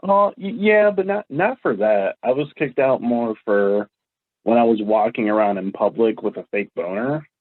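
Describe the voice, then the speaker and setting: A man's voice: medium pitch, moderate pace. A man, a guest in a casual interview, telling rambling stories with stammers and restarts. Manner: rambling, stammering anecdotes with acted-out quotes. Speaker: guest, former prank video maker. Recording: tinny phone-like audio.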